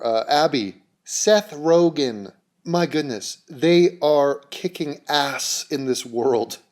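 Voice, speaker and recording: A man's voice: a little high, a little mellow. A man delivering a mocking, sarcastic vlog rant straight to camera. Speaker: YouTuber.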